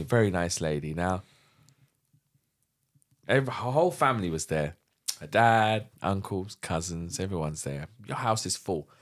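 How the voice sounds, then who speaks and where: A middle-aged man, a podcast guest, candidly retelling a personal story and acting out the dialogue. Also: deep voice. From London. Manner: animated, vivid retelling with acted-out dialogue.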